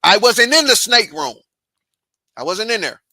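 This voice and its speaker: A woman's voice: mid-range voice, sing-song, a little slow, sharp tone, no echo. A woman hosting a reaction channel, commenting bluntly with heavy profanity and repeating her points.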